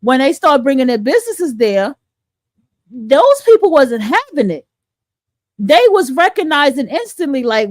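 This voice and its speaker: A woman's voice: high-pitched, very animated, a little slow, no room sound. Woman host explaining in a dry voice. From northern United States. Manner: conversational, explaining with many restarts. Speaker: podcast host. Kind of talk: livestream commentary.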